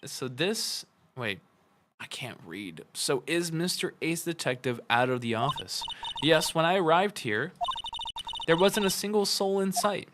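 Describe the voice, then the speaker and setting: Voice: mid-range voice, a little slow, heavy background noise. A let's play host voicing several characters in a playful read-along of a game, switching voices and joking between lines.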